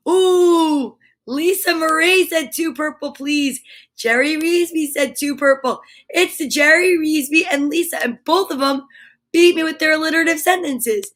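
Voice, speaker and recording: A woman with a high voice hosts a live stream from home. She is bubbly and exclamatory, chatting with her viewers and reading their comments aloud. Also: unhurried, fairly bright tone. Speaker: host of a live comedy stream.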